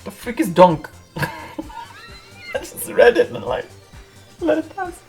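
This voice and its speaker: A woman's voice: fairly high pitch, very animated, takes it slowly, darkish tone, faint music behind. Giggly woman flipping through a magazine. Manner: giggly, mock-cursing, reads aloud and reacts. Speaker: retro computing YouTuber. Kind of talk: casual magazine flip-through chat.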